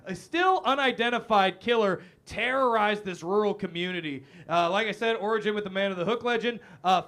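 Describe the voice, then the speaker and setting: A man's voice: high voice, a bit bright. A man from the Midwest hosting a comedic true crime talk show, joking loosely and swearing freely. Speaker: host. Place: live café stage.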